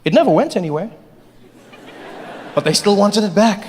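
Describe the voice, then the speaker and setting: A man performing stand-up comedy, telling animated stories in a large venue. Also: sits high, normal speed. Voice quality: animated, storytelling. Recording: long hall reverb, faint noise.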